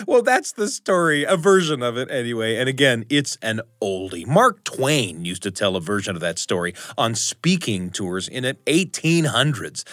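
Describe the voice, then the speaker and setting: Lively storytelling man, dry close sound. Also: mid-range voice, no echo. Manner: expressive, playful, with chuckles. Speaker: podcast host and storyteller. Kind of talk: personal storytelling.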